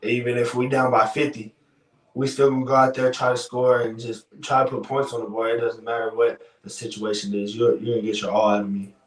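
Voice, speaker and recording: A man's voice: medium pitch, flat delivery, fairly quick. Young male college athlete guest, easygoing, heard from a distance in a roomy space. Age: young adult. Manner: laid-back, easygoing, many fillers. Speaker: college football player guest. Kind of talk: casual interview answers. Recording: echoey room, off mic.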